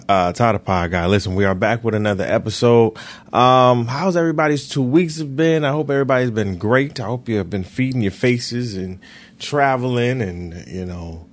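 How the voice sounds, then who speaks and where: Guy doing his podcast at home, kinda low voice, slangy and hyped, just chatting away. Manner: animated, slangy, chatty storytelling. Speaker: podcast host. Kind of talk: casual solo podcast chat. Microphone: computer mic with echo cancellation.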